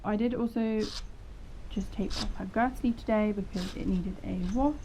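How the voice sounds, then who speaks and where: A woman's voice: medium pitch, normal speed, warm tone. A woman casually narrating a horse-riding vlog in a chatty, rambling, self-deprecating way. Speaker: horse vlogger. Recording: dull lo-fi sound with faint noise.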